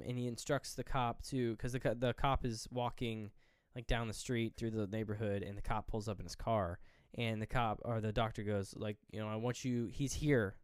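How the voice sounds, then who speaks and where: A man co-hosting a podcast, retelling a horror film with lively, acted-out quotes and casual swearing. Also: on the low side, smooth, no room sound, clean studio sound. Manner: animated retelling, acting out characters' lines; swears freely. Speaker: podcast co-host. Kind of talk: casual movie recap.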